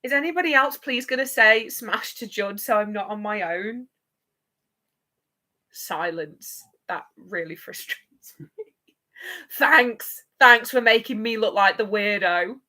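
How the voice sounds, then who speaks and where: A woman's voice: medium pitch, a little slow, bright, forceful tone. A woman hosting a live watch-along, chatting playfully with viewers and laughing often. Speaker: livestream host.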